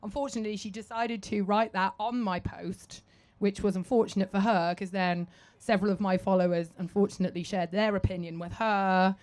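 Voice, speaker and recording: A British woman speaking as a guest on a live stage, telling self-mocking stories in a lively way and laughing often. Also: mid-range voice, a little fast. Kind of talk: lively anecdotal stage talk.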